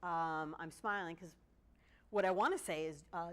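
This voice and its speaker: Animated woman giving a conversational lecture. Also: on the low side, moderate pace. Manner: animated and conversational, acting out quoted excuses. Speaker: presenter at a court training session. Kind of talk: casual spoken lecture.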